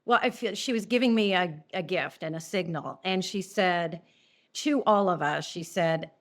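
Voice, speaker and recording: A middle-aged woman, an interview guest telling a personal story, earnest and emotional, halting and restarting often. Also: fairly low pitch. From New Orleans.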